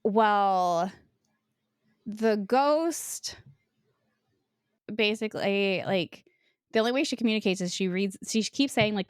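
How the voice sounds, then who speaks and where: Woman podcast co-host, mid-pitched, chatty and loose, lots of "like" and swearing, dry close mic. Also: clean tone, dry recording. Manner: retells plots loosely with frequent "like" and swearing. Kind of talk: casual book discussion.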